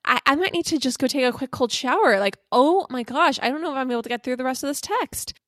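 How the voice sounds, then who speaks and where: A young woman co-hosting a podcast in casual chat, animated, with quick excited bursts. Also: high-pitched, no echo, clean studio sound. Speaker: podcast co-host.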